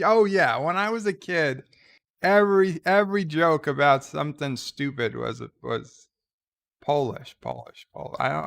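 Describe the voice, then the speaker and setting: A man's voice: a little high, vocal fry, fairly bright tone. A man hosting a livestream, reading viewer comments aloud and rambling through wry asides. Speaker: livestream host.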